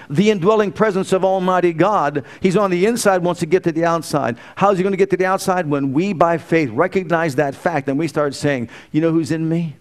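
A man preaching a sermon, swinging from hushed, slow lines to loud, emphatic ones and firing rhetorical questions at his listeners. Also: high voice, clear, resonant tone.

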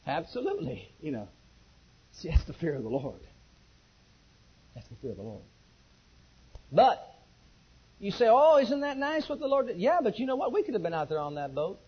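A male pastor preaches with a high, husky voice that leaps up and down as he tells his own story. He acts out every exchange in the tale with animated emphasis. The recording sounds dull and lo-fi. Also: moderate pace, pauses often. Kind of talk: sermon with personal testimony.

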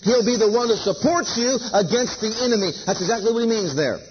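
A man's voice: high-pitched, fast talker, lo-fi sound, background noise. A man preaching a sermon, emphatic and repeating key phrases, leading listeners to say lines after him.

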